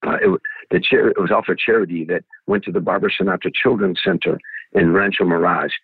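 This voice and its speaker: A man's voice: low voice, gravelly, slightly rough, no room sound. An older man, a veteran comedian, telling anecdotes in an interview, with many restarts and "you know"s. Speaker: guest comedian. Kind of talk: storytelling interview. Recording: phone-like, dry.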